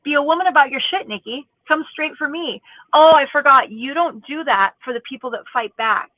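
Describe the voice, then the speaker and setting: A woman's voice: high voice, brisk, dry recording. A woman in her forties ranting angrily in casual, profane, sarcastic commentary as a YouTube commentator. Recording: tinny phone-like audio, dry.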